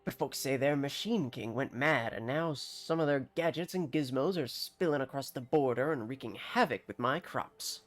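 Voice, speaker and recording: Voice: mid-range voice, very animated, natural voice. A streamer putting on a jumpy farmer in a bad accent. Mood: folksy. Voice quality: deliberately bad put-on accent. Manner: folksy, wary, grumbling. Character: jumpy, suspicious male farmer with a rusty sword. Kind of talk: reading game dialogue aloud on a live stream.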